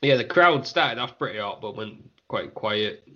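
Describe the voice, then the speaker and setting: A man's voice: lowish voice, animated, unhurried, sharp tone. Guy hosting a podcast, laughs a lot, bit tipsy, rambly, muffled lo-fi audio. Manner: laughs often, rambling with restarts. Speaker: podcast host. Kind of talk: casual chat.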